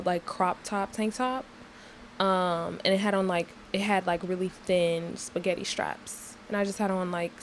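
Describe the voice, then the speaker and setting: A young woman hosts a casual podcast and rants through a personal story, candid and emphatic, leaning on fillers. She takes her time, speaking at an unhurried, drawn-out pace. A faint hum of room ambience sits under her voice. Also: medium pitch, low-quality recording. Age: young adult. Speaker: podcast host.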